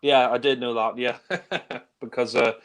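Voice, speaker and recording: A man talks in an easygoing, rambling way, full of enthusiasm for the films he discusses. His voice sits in an ordinary middle pitch. He sounds like one co-host in a casual chat among friends. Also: fairly even intonation, unhurried, a bit bright.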